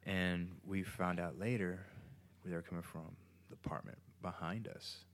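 A man's voice: low-pitched, steady tone, normal speed. A man casually telling a rambling, profane story in his home kitchen, often restarting his sentences.

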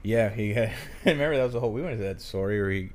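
A man's voice: fairly low pitch, quick pace. A man co-hosting a podcast in casual chat, joking crudely and swearing often. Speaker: podcast co-host.

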